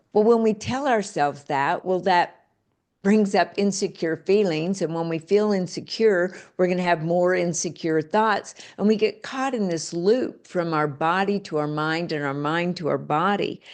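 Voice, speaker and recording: A middle-aged woman author talking in an interview, animated, acting out quoted phrases in different voices. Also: on the low side. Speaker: author and guest. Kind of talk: interview conversation.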